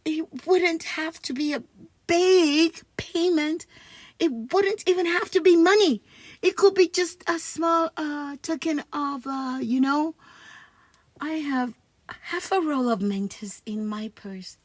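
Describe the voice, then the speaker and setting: A woman reading a funny children's comic aloud in an expressive voice, often laughing as she does the character voices. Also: high voice, dry recording. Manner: slow, expressive read-aloud. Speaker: children's book reader.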